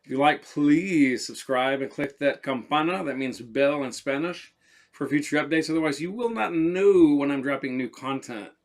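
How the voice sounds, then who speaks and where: A man talking casually as a perfume reviewer, animated and rambling, often repeating his words. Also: fairly high pitch, moderate pace.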